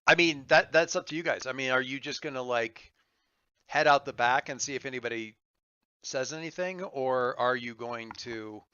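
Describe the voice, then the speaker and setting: A man's voice: medium pitch, moderate pace, bright, forceful tone, clear, resonant tone, dry recording, dull audio. A man running a tabletop role-playing game as game master, thinking aloud in a rambling, playful way with lots of fillers. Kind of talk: running a tabletop game over an online call.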